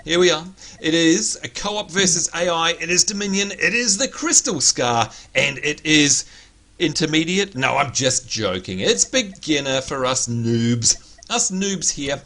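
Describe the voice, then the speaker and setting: An excitable man hosts a casual gaming livestream, calling out viewers by name as he talks. His voice is bright and forceful, pitched slightly high, with a little hoarseness. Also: unhurried. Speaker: livestream host.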